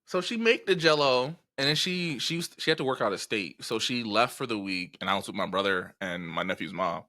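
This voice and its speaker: A man in his twenties telling a story in casual podcast chat, animated and profane as he acts out the people he quotes. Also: fairly low pitch, fairly quick. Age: 20s. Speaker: podcast co-host.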